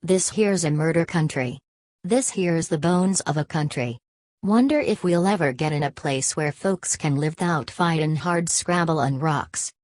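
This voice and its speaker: A woman's voice: low-pitched, unhurried, a little mellow, dry recording. A woman reading the part of a blunt, restless young man who speaks in plain country talk, in an audiobook.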